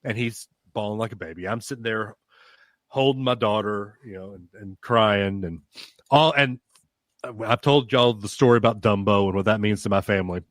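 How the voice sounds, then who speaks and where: A man co-hosting a podcast, telling a long story in casual chat with an animated, rambling manner. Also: fairly low pitch, moderate pace, dry recording. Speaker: podcast co-host.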